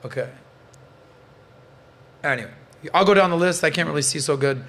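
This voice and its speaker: A man's voice: fairly high pitch, lively intonation, normal speed, a bit bright. A man hosting a casual podcast panel, blunt and joking, swearing freely. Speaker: podcast host.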